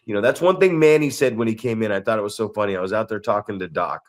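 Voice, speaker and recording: A man's voice: on the low side, fast. Man rambling through a road-trip story. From Northern California. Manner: rambling, restarts sentences, acts out quoted people. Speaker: podcast co-host. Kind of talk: casual storytelling chat.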